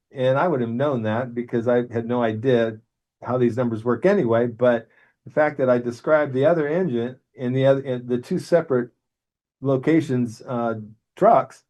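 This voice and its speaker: A man in his sixties, living in Arizona, telling his near-death experience in an earnest way, acting out the voices of others and restarting his sentences. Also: medium pitch. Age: 60s. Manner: earnest, animated when quoting others, halting restarts. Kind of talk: personal storytelling.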